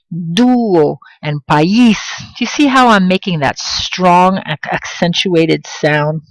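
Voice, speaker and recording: A woman teaching a video language lesson, pronouncing example words slowly and clearly and encouraging her students directly. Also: low-pitched, no room sound, low-quality recording. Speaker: Spanish teacher.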